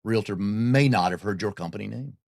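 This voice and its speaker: A man's voice: lowish voice, fairly quick, vocal fry, a little mellow, dry recording, studio quality. A man interviewing a guest, asking casual questions and giving short, encouraging replies.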